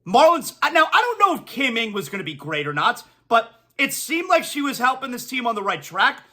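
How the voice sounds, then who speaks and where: Lively, bright-voiced ranting sports talk host. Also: male voice, very high voice, brisk. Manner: ranting, emphatic, repeats punchlines. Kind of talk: opinionated sports talk monologue.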